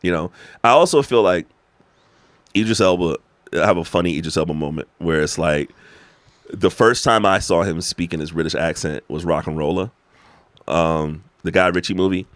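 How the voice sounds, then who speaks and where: An American man chatting as a podcast guest, animated and emphatic, swearing freely as he tells stories. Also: deep voice, normal speed, no echo. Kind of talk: casual conversation.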